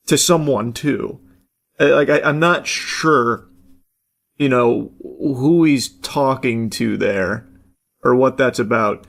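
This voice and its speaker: A man's voice: a little high, unhurried. A man reacting to a clip in casual, rambling commentary, swearing freely and filling gaps with "like" and "uh". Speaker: commentary YouTuber.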